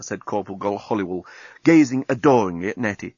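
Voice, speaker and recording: A man narrating a storybook with a lively, expressive reading. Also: on the low side, a little fast, breathy edge, no room sound. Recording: dull lo-fi recording.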